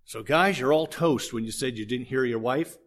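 A man preaching a sermon, telling stories in an animated way and joking with the congregation. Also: medium pitch, normal speed. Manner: animated storytelling with jokes to the congregation. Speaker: pastor.

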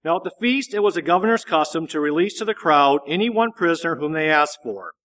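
A man reading a Bible passage aloud in a measured, steady narration. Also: on the high side. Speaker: scripture reader.

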